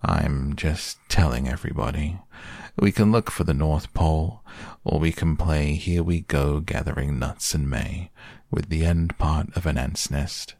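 A very deep, gravelly old donkey grumbles along in a slow, resigned drone, as a man puts him on for a storybook. He sounds weary of everything and in no hurry at all. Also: a little mellow, no echo, studio quality, heavily acted. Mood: gloomy. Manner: slow, droning complaints.

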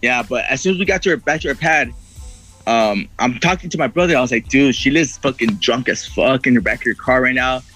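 A man's voice: medium pitch, brisk, sharp tone, faint music behind, low-quality recording. A man telling a long story in casual chat, swearing a lot and acting out what people said. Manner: rambling, heavy swearing, acts out quoted voices. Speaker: podcast guest.

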